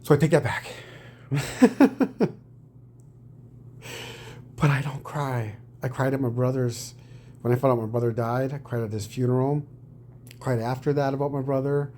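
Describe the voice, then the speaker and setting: A man with a mellow, dark voice rambles through casual commentary on his own clip. He swears freely and slips into mock-preachy explanations, over a faint background noise. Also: medium pitch, a little slow, long pauses.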